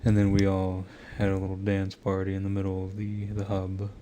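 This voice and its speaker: A man's voice: low voice, completely flat delivery, a little fast, mellow, a little hiss or hum. A young man chatting casually to his viewers about his gaming, loose and profane, laughing often and rambling with lots of restarts. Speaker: gamer talking to viewers.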